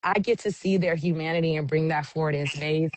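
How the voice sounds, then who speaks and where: A woman's voice: low-pitched, steady tone, brisk, darkish tone, rough recording. A woman who works as an event MC, talking expressively and emotionally in a casual interview. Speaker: guest, event MC. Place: Oakland area event scene.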